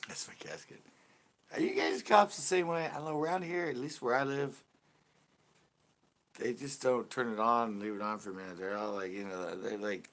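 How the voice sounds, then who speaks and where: A man's voice: fairly low pitch, moderate pace, a bit bright. A man from California, hosting a fishing channel in casual livestream chat, ranting loosely and swearing freely.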